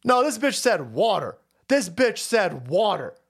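A man's voice: high-pitched, unhurried, gravelly, husky. A man hosting a livestream, ranting in a mocking, sarcastic, foul-mouthed way and sliding into mock voices. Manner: animated, swings into mock voices. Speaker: livestream host. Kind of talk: profane political commentary rant.

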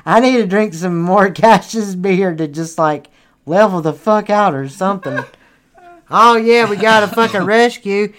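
Crude comedy podcast host, male, high and crisp-voiced, rambles and swears. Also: measured pace, a bit bright. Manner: rambling, profane, laughing often.

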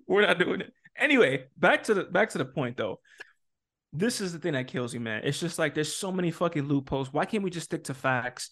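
A man's voice: fairly high pitch, a little fast. A man co-hosting a casual podcast chat, talking emphatically, often laughing and working out his points aloud as a parent with opinions. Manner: animated, emphatic, laughs often, restarts and asks for words. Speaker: podcast co-host.

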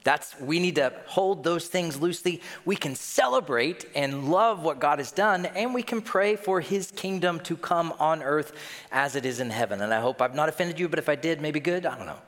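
A man preaching a sermon as pastor, telling stories in an animated way and acting out quoted voices. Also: fairly high pitch, moderate pace, big-room sound.

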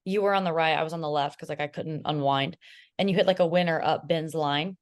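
A young woman with a slightly low voice chats as a podcast guest. She tells stories with energy and slips into playful impressions of the people she quotes. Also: brisk. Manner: animated storytelling, imitates others, laughs. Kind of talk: casual chat.

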